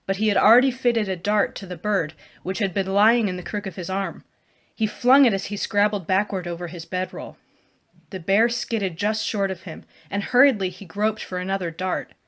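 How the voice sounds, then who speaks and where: A woman reads her own fantasy novel aloud in the first person. Her delivery is hushed and even, with a voice of ordinary pitch for a woman. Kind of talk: first-person fiction narration.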